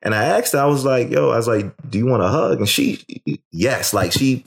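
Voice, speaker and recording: A man's voice: medium pitch, expressive, fairly quick, creaky. A man co-hosting a podcast, telling a story in casual chat and swearing freely. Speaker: podcast co-host.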